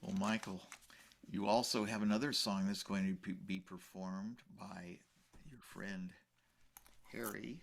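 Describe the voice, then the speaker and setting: Halting male host reading intros. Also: sits low, steady tone, creaky, slight background noise. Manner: reads haltingly, stumbles over names. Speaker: awards show host. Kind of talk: introducing performers from a script.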